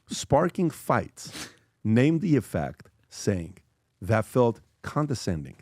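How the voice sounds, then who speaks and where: A man's voice: medium pitch, very animated, slow pace, a little mellow, no echo, clean studio sound. A male host in casual chat, reading an article aloud with jokey asides and stumbles.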